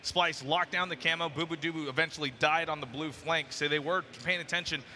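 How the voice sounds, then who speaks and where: A man with a very bright, cutting voice recaps the match play by play. A long hall reverb trails behind him, and a little noise sits under his voice. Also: fairly high pitch, steady tone, fairly quick. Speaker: esports analyst. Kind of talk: analysis desk chat.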